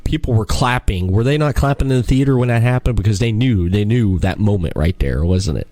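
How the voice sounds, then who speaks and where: Low-voiced guy hosting a movie chat, laughs a lot, quotes lines fast, super dry sound. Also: expressive, warm tone, dry recording. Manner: laughs often, acts out film lines in quick voices. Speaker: podcast host. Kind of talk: casual movie chat with spoilers.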